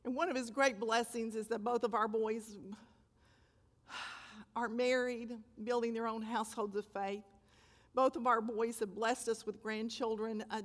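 Older woman, sermon, dramatic emphatic storytelling, high voice, reverberant hall. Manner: dramatic, emphatic storytelling with swells and hushed drops. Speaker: preacher.

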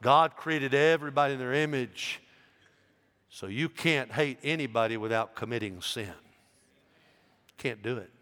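A man's voice: a little slow, pauses often. Fervent preacher man in a reverberant hall. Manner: fervent preaching, swelling loud and high on emphasis, dropping low and quiet for asides. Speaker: pastor. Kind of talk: sermon.

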